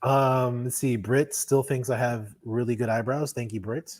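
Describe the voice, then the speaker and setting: A man's voice: medium pitch, fairly even intonation, moderate pace, a little mellow. A man hosting a live comedy podcast, chatting casually, laughing often and greeting viewers by name. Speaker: podcast host.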